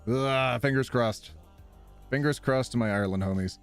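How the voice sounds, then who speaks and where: Soft music plays behind a man with a mid-range voice who talks at a normal speed. He's live streaming, casually chatting with viewers, animatedly reading their messages aloud and laughing often.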